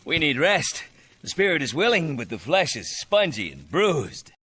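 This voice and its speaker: A man voicing a bubbly young cartoon sea sponge in a squeaky, overly dramatic way. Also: huge pitch swings, moderate pace, bright, forceful tone, a little hiss or hum, heavily acted. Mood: weary. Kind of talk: cartoon voice acting.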